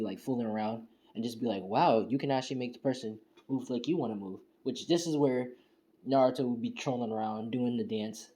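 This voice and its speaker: Man, mellow tone, loose rambling fan storyteller full of fillers, home recording. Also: medium pitch. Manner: rambling, heavy on fillers like "you know" and "and stuff". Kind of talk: casual spoken fan-fiction retelling. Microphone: home screen-recording setup.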